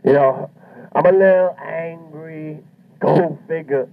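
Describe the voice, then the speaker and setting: A man working a stand-up set with a loud, swaggering, profane delivery. His voice sits a little high for a man. The recording is muffled and lo-fi. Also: fairly even intonation, takes it slowly, creaky. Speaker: stand-up comedian. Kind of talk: stand-up comedy routine.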